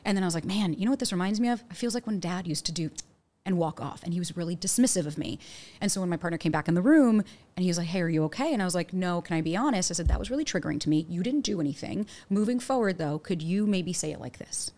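A young adult woman, a dating coach, talking casually on a podcast and telling stories with acted-out quotes. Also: lowish voice. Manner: animated, quick storytelling with acted quotes.

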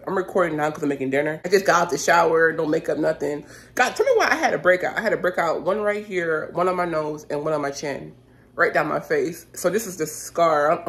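A woman vlogging casually to the camera, chatty and excitable, quick to exclaim. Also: fairly low pitch.

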